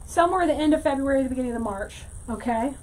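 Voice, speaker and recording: A woman hosting a casual crafting livestream, chatting warmly to viewers and greeting them by name as she works. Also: high-pitched, expressive, fast, rough recording. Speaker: livestream host teaching wreath making.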